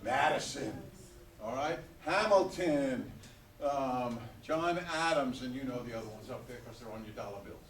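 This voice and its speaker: An older man with a New York accent giving an animated, joking motivational talk to students at a school graduation. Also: mid-range voice, moderate pace, a little hiss or hum. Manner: animated, joking, asks the audience to call back. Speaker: guest speaker at a school graduation. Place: school hall. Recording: echoey hall from far off.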